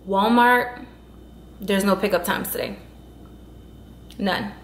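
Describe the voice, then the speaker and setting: Woman vlogger, mid-pitched, exasperated and emphatic, recorded in a room with echo. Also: takes it slowly, a little hiss or hum. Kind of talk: casual vlog talk to camera. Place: at home indoors.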